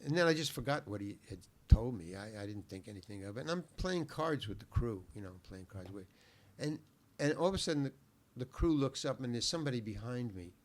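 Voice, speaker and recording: An older man, a podcast guest, telling a long anecdote in an animated, profane, self-deprecating way. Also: medium pitch, brisk, hardly any pauses. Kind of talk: anecdotal storytelling in a podcast interview.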